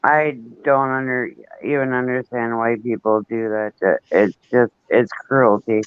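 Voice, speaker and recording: Smooth-voiced sympathetic man, dry sound. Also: medium pitch, steady tone, measured pace, no echo. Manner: sympathetic short reactions. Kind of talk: casual chat. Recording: dry, dull lo-fi recording.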